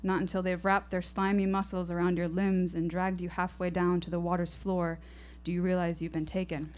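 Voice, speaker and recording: A woman's voice: lowish voice, flat delivery, brisk, hardly any pauses. A woman in her twenties telling a first-person story on stage, vivid and reflective. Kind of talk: live storytelling performance. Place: stage at a live show.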